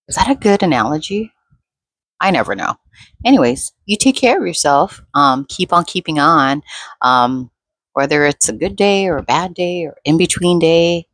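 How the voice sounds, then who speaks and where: Chill woman rambling into the camera, low voice, dry close sound. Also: expressive, normal speed, fairly bright tone, dry recording. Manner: laid-back, rambling, lots of fillers. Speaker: vlogger. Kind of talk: unscripted rambling monologue.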